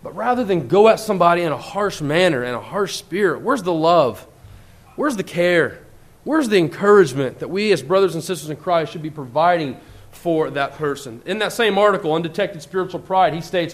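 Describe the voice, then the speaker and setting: A man preaching a church lesson, earnest and emphatic, reading scripture slowly and deliberately and jumping up in pitch when he voices other people's words. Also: animated. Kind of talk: sermon.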